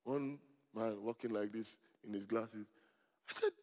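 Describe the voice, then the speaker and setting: A man's voice: lowish voice, measured pace. Male pastor preaching in a reverberant hall. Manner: storytelling, joking, rising to loud emphatic peaks. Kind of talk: sermon. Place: church hall before a congregation.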